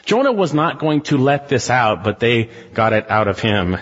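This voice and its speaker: A man preaching a sermon as a pastor, emphatic, with rhetorical questions and shifts between loud and hushed delivery. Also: mid-range voice, very animated, moderate pace. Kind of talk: expository sermon. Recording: muffled, reverberant sanctuary recording.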